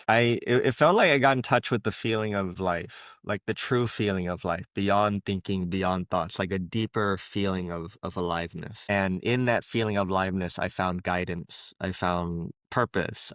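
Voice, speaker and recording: A man with a fairly low voice shares a painful personal story as an interview guest. He speaks in a reflective, halting way, leaning on fillers. The sound is dry and close. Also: fairly bright tone, no echo.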